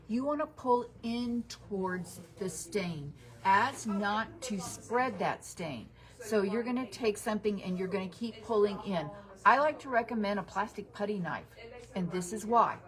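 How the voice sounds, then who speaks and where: A middle-aged woman, hosting a home-advice radio show in a chatty, practical, down-to-earth way. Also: medium pitch. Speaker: hardware store radio show host.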